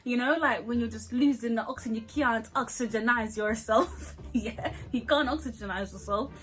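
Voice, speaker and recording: A young woman telling a funny story to camera, animated and laughing often, acting out the voices. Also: a little high, moderate pace, rough recording.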